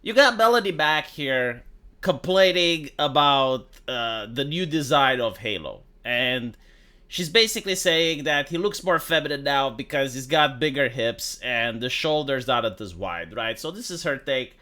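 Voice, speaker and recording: A man's voice: mid-range voice, lively intonation, measured pace, bright, forceful tone. A man delivering a sarcastic, crude opinion rant as a commentary vlogger. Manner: sarcastic, ranting, crude language.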